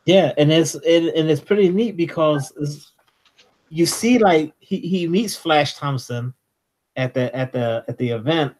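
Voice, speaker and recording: A man's voice: fairly high pitch, a little slow, darkish tone. A man co-hosting a casual comics chat, talking in a laid-back, slangy way full of "like" and "you know.". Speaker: comics podcast co-host.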